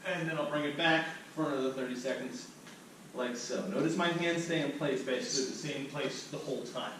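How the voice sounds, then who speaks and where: A man's voice: mid-range voice, brisk, a bit bright, a little hiss or hum. A man as a fitness instructor, talking the viewer step by step through cool-down stretches as he demonstrates them. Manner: upbeat, talks the viewer through each step while demonstrating. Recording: very echoey room, mic at a distance.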